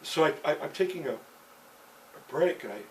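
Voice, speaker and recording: A man's voice: on the high side, expressive, normal speed, recorded from a distance, a little hiss or hum, rough recording. A man recounting a personal story in a loose, rambling way, with plenty of "you know" and little chuckles. He sits some way from the mic. A faint buzz of insects hangs behind him.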